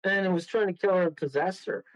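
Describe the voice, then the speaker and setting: A man's voice: sits high, quick pace, no echo, poor audio. A man, a guest medium on a radio show, telling a rambling story full of laughs and acted-out quotes.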